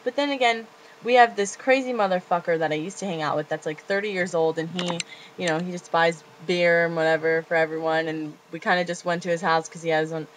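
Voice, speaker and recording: A woman's voice: lowish voice, fairly even intonation, fairly quick, a little hiss or hum, poor audio. A young woman in her late teens from Florida, ranting bluntly and profanely in a casual confessional vlog from her bedroom. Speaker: vlogger.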